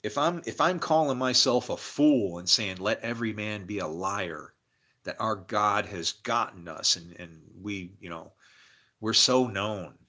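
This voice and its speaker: A man on a livestream, preaching in a rambling religious monologue, swinging from murmurs to loud bursts and laughing between phrases. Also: fairly low pitch, a little slow.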